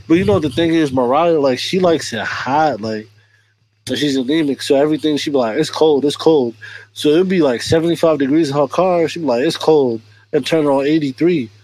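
Guy hosting a podcast, kinda high voice, joking, keeps saying you feel me. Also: a little fast, darkish tone. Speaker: podcast host. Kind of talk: casual chat.

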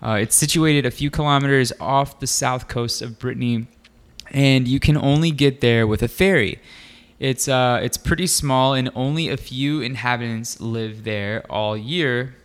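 A man's voice: mid-range voice, normal speed. A man co-hosting a casual podcast, reading a story aloud in a laid-back way with lots of fillers and asides. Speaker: podcast co-host.

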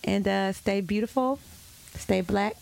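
A woman's voice: medium pitch, a little slow, gravelly, a little mellow, a little hiss or hum. A woman hosting a podcast, signing off the episode with upbeat closing remarks. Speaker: podcast host. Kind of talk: casual podcast sign-off.

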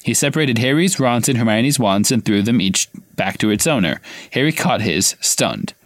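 A man co-hosting a podcast, reading a book aloud and breaking off for playful, laughing asides. His intonation is very lively and rises and falls freely. The recording is close and dry. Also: mid-range voice, moderate pace, dry recording. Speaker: podcast co-host. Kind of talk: casual read-aloud with commentary.

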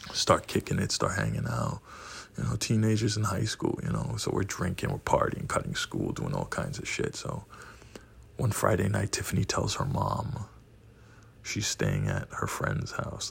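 A man's voice: low-pitched, fairly bright tone. A man in his forties telling a profane, rowdy personal story and laughing at his own punchlines. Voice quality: gravelly, husky voice.

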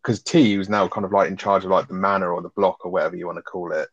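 A man co-hosting a casual film review podcast, blunt and profane with quick asides. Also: sits low, fairly even intonation, no room sound. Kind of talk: casual sweary film chat. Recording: dry, dull lo-fi sound.

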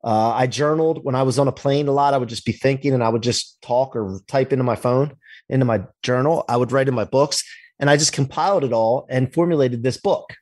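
A man with a slightly husky voice tells a personal business story in a loose, casual interview. He is animated, acts out the dialogue, and swears now and then. The sound is close and dry, with no room around it. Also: medium pitch, a little fast, dry recording. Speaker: podcast guest, entrepreneur.

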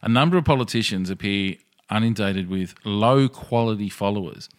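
A man's voice: fairly low pitch, moderate pace. A man hosting a podcast in casual chat, reading news items aloud and commenting. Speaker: podcast host.

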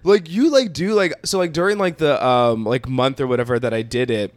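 A man in casual podcast banter who rambles through his stories, packing in filler words and breaking into laughter. His voice sits at an ordinary middle pitch. The sound is dry and close, with no room echo. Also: fairly quick. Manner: rambling, heavy use of "like"; laughs often while talking. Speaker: podcast co-host. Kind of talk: casual chat.

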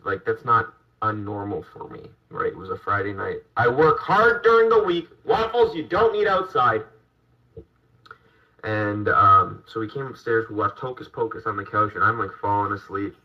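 A man hosting a casual chat, telling a rambling anecdote with wry asides. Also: on the low side. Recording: distant dull mic.

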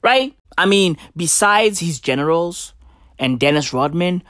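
A man's voice: on the high side, expressive, measured pace, fairly bright tone, dry recording. A man ranting casually to camera, rambling and swearing a lot, constantly asking his listener "right?" and repeating himself. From South Africa. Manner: profane, rambling, keeps asking "right?" and "you know?"; drifting, repetitive, offhand.

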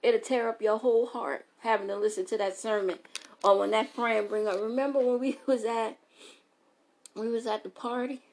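Animated woman giving a comedic pep talk. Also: a little high, normal speed, slight background noise, poor audio. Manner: animated, preachy, laughs between lines. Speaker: podcast host. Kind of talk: motivational comedic monologue.

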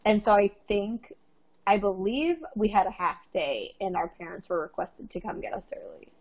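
A woman's voice: mid-range voice, moderate pace, a little mellow. A woman in her thirties from Minnesota, chatting casually with lots of likes and ums. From Minnesota, USA. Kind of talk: casual chat. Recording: dull lo-fi audio.

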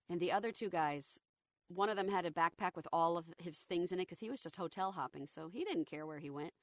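Woman voice actor, interview guest. Low and deep, recovering from illness, animated storyteller. Dry close recording. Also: fairly quick, no room sound. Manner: lively anecdotal, acts out quotes.

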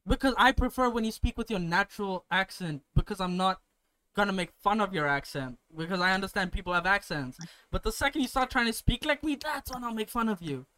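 Bright-voiced young man chatting casually. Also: high voice, expressive, a little fast, clear, resonant tone. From Botswana. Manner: swearing, storytelling with lots of fillers. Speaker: podcast co-host. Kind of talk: casual chat.

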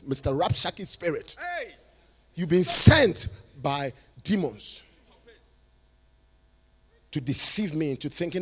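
A male preacher giving a sermon, moving from quiet talk to shouted, sing-song preaching. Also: fairly high pitch, lively intonation, takes it slowly, long pauses, breathy edge. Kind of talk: sermon at a conference.

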